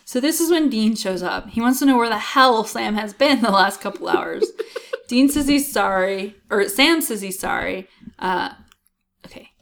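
A woman in relaxed podcast chat, walking through an episode scene by scene. She keeps a middle pitch and an easy conversational tone. She slips into quick acted quotes of the characters as she goes. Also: creaky. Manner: retells scenes, acting out lines in quoted voices. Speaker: podcast co-host. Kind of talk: casual recap chat.

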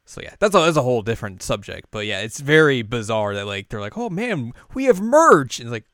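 A young man co-hosting a casual podcast, recapping an anime in a rambling, animated way and now and then jumping into high character voices. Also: fast talker, clear, resonant tone, no echo, clean studio sound. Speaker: podcast co-host.

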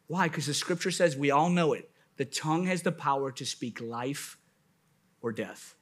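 A man's voice: on the high side, normal speed. A man pastor preaching a sermon at a church service, with rising bursts of emphasis and playful asides.

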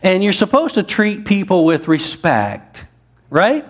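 Man preaching a lively sermon. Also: high-pitched, unhurried. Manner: conversational preaching with asides and rising emphasis. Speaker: pastor.

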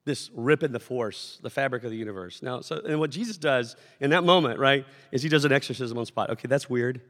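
A man preaching a sermon to his congregation, conversational and animated, acting out shouted lines as he tells stories. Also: mid-range voice, brisk. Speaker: pastor. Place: church sanctuary. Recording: long hall reverb.

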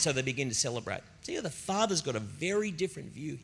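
A middle-aged man preaching a sermon as a pastor, telling stories in an animated, conversational way. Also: medium pitch, quick pace, creaky, few pauses, breathy edge. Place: church auditorium. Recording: long reverb of a church hall.

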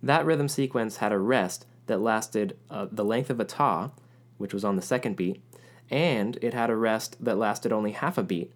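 A man narrating a music lesson in a clear, explanatory way, now and then chanting rhythm syllables aloud. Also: fairly low pitch. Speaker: music teacher.

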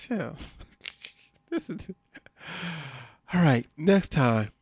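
A man's voice: a little high, huge pitch swings, slow pace, long pauses, darkish tone, no room sound, studio quality. A man co-hosting a podcast, recapping a reality show in casual chat, exasperated and laughing often.

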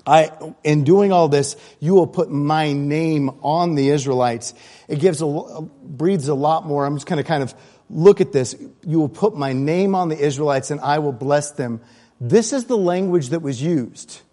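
A man's voice: on the high side, darkish tone. A man preaching a sermon in a conversational, earnest way, with asides and restarts. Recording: long hall reverb.

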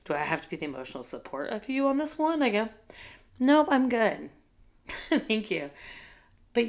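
Gravelly-voiced woman telling a heartfelt story. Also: on the low side. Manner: candid, heartfelt, tearful at times, many fillers. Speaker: school teacher and administrator. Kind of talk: emotional personal storytelling.

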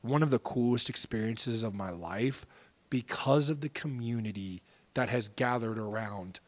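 A man's voice: mid-range voice, normal speed. A man in his thirties telling stories as a podcast guest, earnest and openly emotional, swearing casually. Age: 30s. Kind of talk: casual storytelling interview.

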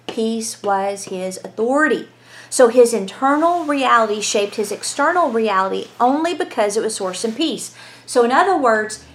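A woman giving a lively, conversational Bible lesson, telling stories and asking rhetorical questions. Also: fairly high pitch. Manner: animated, storytelling, asks rhetorical questions. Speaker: Bible teacher.

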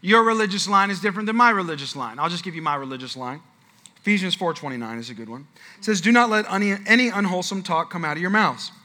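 A man's voice: sits high, lively intonation, fast talker, sharp tone. A male pastor telling a chatty story at a church Q&A, with lots of restarts and asides. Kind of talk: sermon-style Q&A at church.

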